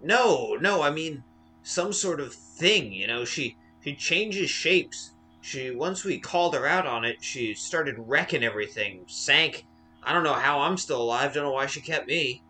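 A man voicing a shaken young sailor who speaks haltingly. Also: on the high side, expressive, sharp tone, slight background noise. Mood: rattled. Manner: halting, hesitant.

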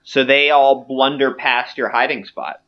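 A man running a tabletop game, narrating in a relaxed way with many fillers. His voice sits at a middle pitch and comes through a dull, lo-fi mic. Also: a little slow. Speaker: game master.

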